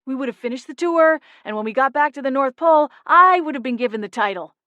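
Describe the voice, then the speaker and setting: A woman's voice: high voice, animated, quick pace, bright, forceful tone, no echo, voice pushed up. A woman voicing a scheming male elf who sneers and resents being passed over. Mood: resentful. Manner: sneering, scornful.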